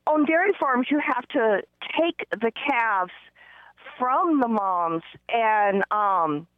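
Woman on a muffled phone line, kinda high voice, rambly and excitable, lots of ums. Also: slow, no room sound. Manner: rambling, excitable, many fillers and restarts. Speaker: caller. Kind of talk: phone-in storytelling.

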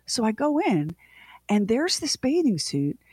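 A middle-aged woman co-hosting a radio show, telling a funny story in a casual, animated way with laughing asides. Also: fairly high pitch, measured pace, husky, no room sound.

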